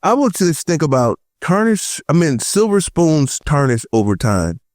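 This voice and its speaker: Animated man telling stories, fairly high voice. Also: a little slow, no echo, clean studio sound. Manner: animated storyteller, acts out quoted voices. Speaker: podcast panelist. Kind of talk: casual roundtable chat, storytelling.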